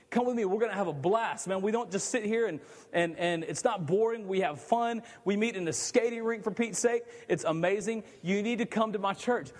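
High-voiced animated preacher in a hall. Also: male voice. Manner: animated storytelling, repeats words, rises for emphasis. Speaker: pastor. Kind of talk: sermon. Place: church meeting in a skating rink.

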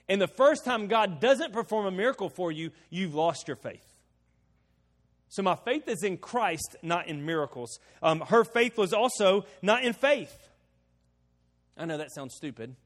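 Guy preaching a sermon, kinda high voice, loud then soft, big echoey church hall. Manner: conversational preaching, swings between loud emphasis and quiet asides. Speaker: pastor. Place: church sanctuary.

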